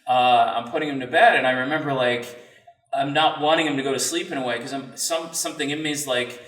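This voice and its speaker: Earnest guy guest on a podcast, thoughtful halting storytelling, sounds off-mic in an echoey room. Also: mid-range voice, a bit bright. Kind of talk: personal storytelling in an interview. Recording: roomy sound, mic at a distance.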